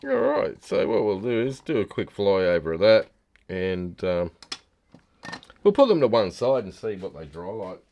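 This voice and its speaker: A man's voice: lowish voice, wildly swooping pitch, measured pace, a little mellow, lo-fi sound. Tired, teasing man. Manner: easygoing, teasing, laughs often. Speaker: co-host of a fluid art channel. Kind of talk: casual chat while demonstrating.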